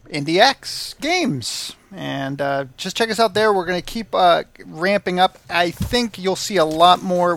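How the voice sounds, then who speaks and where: A man's voice: fairly high pitch, no echo. A man talking casually as a podcast guest about marketing, rambling and poking fun at himself. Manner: rambling, self-mocking, animated.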